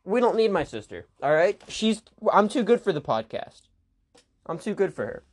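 A man's voice: high-pitched, big pitch swings, moderate pace. A man hosting a casual podcast, rambling and joking around with plenty of goofy asides. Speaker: podcast host.

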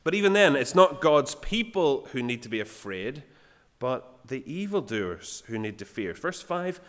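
A man giving a sermon in a plain conversational way, often pausing with fillers. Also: medium pitch, sing-song, big-room sound. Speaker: preacher.

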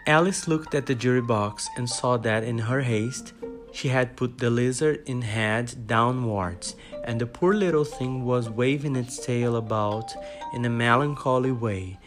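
A man hosting a podcast lesson, chatting upbeat and reading a storybook aloud. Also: medium pitch. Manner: upbeat, chatty greetings, then steady reading. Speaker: podcast host and English teacher.

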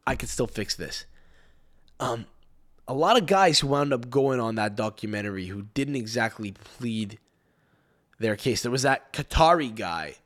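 A male podcast host rants at a middling pitch, swearing freely as he rambles from point to point. He stammers through many restarts, doubling back on his words as he goes. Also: animated, a little slow, a bit bright. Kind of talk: casual rant.

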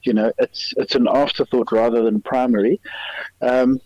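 A man's voice: mid-range voice, fairly even intonation, normal speed, darkish tone, no room sound. A man, an attorney, confidently giving advice and anecdotes as a podcast guest. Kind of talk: casual podcast chat. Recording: dry, muffled lo-fi audio.

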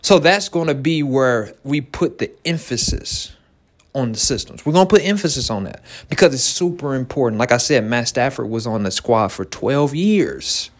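A man speaks to fellow entrepreneurs in a motivational talk. His pitch swings widely as he hammers key phrases again and again. He laughs often between points. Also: moderate pace. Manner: animated, repeats punchlines, laughs often. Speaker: small business owner.

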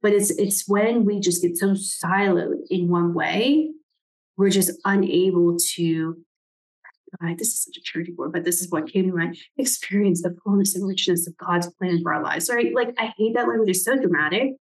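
Lowish-voiced woman rambling thru her thoughts, lots of "like" and "right?", reading bits of a book out loud. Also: normal speed, poor audio. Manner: rambling, thinking aloud, many "like" and "right?". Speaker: presenter reflecting on a book. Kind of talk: casual reflective talk with book reading.

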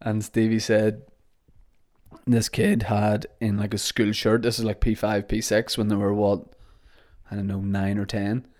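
A man's voice: on the low side, monotone, a little slow, a little mellow. Rambling man, podcast host. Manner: rambling, joking storyteller. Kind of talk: casual solo podcast chat.

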